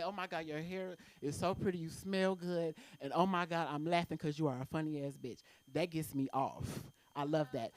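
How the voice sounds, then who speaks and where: A woman's voice: lowish voice, dry recording. A woman doing a brash, profane stand-up set at an open mic in a comedy club.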